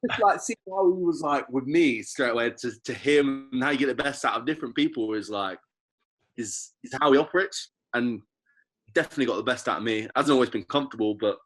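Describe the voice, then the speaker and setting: A man's voice: mid-range voice, fairly quick. A young English man, a rugby player, chatting casually as a podcast guest and telling stories with frequent restarts. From England. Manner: relaxed, storytelling, frequent restarts.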